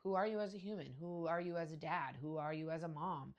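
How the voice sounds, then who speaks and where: A woman's voice: deep voice, fairly even intonation, fast talker. A woman in her forties hosting a podcast, telling casual stories in a brash, profane way with frequent laughter. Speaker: podcast host. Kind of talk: casual storytelling monologue.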